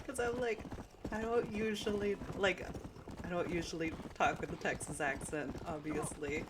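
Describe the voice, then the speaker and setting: A woman's voice: fairly low pitch, steady tone, moderate pace. Rambling woman streamer over game noise. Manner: rambling anecdotes with fillers and easy laughs. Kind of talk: casual chat while playing. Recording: game sounds and hoofbeats loud underneath.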